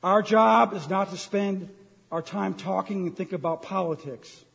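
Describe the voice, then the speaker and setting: High-voiced impassioned preacher man. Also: measured pace, vocal fry, a bit bright. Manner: impassioned, ranting, jokey. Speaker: pastor. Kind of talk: sermon. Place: church sanctuary. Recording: long hall reverb.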